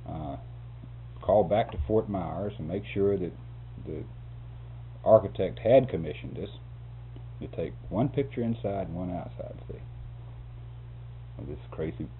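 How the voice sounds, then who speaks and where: A man with a lowish voice tells a story in a loose, rambling way, chuckling as he goes. The sound is thin and phone-like, with a faint hum behind him. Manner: chuckles often, rambling, restarts words. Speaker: interviewee telling a work story. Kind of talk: casual storytelling.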